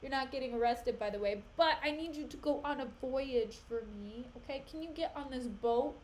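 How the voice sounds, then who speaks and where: A woman's voice: high voice, brisk, a little hiss or hum, natural voice. Lady doing a bossy ruler guy, offhand and businesslike. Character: brisk man in charge giving orders.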